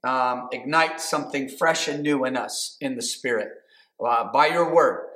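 A man's voice: medium pitch, a little slow, bright, forceful tone. A man preaching a sermon as pastor, talking in a loose conversational way with many fillers and restarts. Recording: echoey room.

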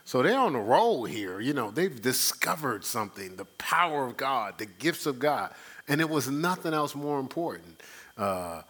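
A man pastor teaching a conversational sermon, animated, acting out quoted exchanges with a rising voice and chuckling between points. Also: medium pitch, normal speed, husky. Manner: frequent fillers and restarts, chuckles.

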